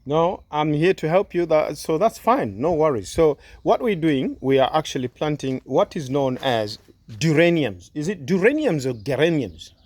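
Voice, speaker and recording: Man, vlog host, chatty and questioning, slightly high voice, dry sound, outdoors. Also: lively intonation, normal speed, a little mellow, no room sound. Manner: chatty, asks lots of questions. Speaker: video host helping with gardening. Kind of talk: casual vlog chat. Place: outdoors in a sunny garden.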